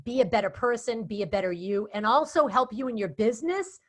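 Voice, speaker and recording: Boston-accented woman, interview guest, animated chatty delivery. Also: on the high side, brisk. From Boston area. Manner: chatty, animated storytelling with quoted asides. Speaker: guest speaker and event moderator. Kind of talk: casual interview chat.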